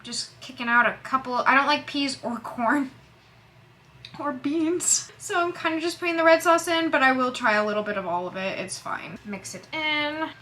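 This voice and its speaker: A young woman with a bright, slightly high voice talks casually to her viewers in a food vlog. She thinks out loud as she tastes each dish and describes it. She is recording in a hotel room. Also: lively intonation, normal speed, a little hiss or hum. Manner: chatty, thinks aloud while tasting. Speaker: vlogger.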